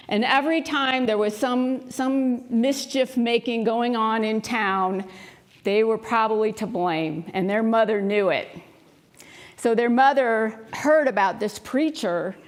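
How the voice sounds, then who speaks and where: Woman minister preaching, slightly high. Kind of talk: sermon. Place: church sanctuary.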